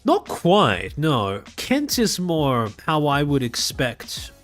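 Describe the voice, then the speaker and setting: Sardonic Australian man, lively pitch. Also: takes it slowly, soft background music. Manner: sardonic, rambling. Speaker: streamer host. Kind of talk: casual live-stream commentary.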